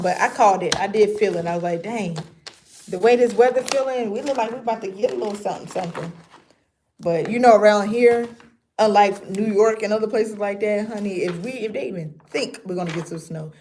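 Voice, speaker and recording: A woman's voice: medium pitch, darkish tone, a little hiss or hum. A woman, chatting casually with her viewers on a livestream and laughing often. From North Carolina. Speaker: livestream host.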